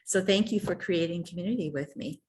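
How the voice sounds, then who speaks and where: Low-voiced woman minister, soft affirmation. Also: brisk, slight background noise. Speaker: minister leading the circle. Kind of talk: gentle pastoral reflection.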